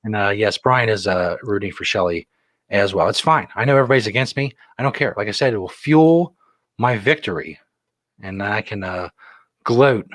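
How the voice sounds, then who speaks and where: A man's voice: lowish voice, lively intonation, normal speed, fairly bright tone, no echo. A middle-aged man co-hosting a casual chat show, wry and self-mocking as he reads out viewer comments. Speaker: co-host.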